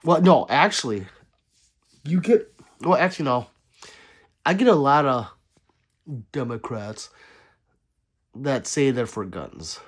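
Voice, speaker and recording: Lively man chatting on a livestream. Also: mid-range voice, takes it slowly, pauses often, slightly rough. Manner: chatty, swings between loud and quiet asides. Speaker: livestream host. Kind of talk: casual chat reading viewer comments.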